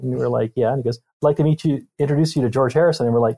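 A middle-aged man, a visual effects artist, telling stories as a podcast guest, halting with fillers. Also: medium pitch, steady tone, a little mellow. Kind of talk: casual chat.

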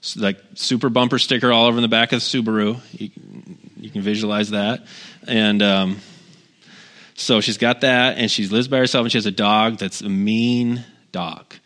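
A middle-aged pastor giving a casual, conversational sermon, telling personal stories with wry humor and lots of asides. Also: male voice, lowish voice, fairly even intonation, normal speed, fairly bright tone.

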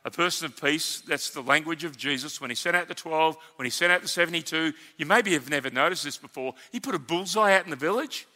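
A man with an Australian accent preaching a sermon as senior pastor, telling stories in an animated, emphatic and conversational way. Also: a little high, fast, hardly any pauses, big-room sound. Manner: animated storytelling, emphatic, conversational asides to the congregation.

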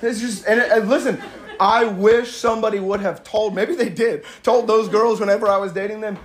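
A man's voice: high-pitched, steady tone, normal speed, few pauses. A man giving casual sermon-style teaching, conversational and emphatic, often laughing between his points. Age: adult with a young daughter. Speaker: Bible teacher.

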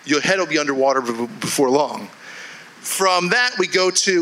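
A man's voice: high voice, expressive, a little slow, bright, forceful tone, poor audio. A male pastor preaching a sermon to a congregation, talking conversationally, restarting phrases and acting out quoted inner voices. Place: church with a congregation.

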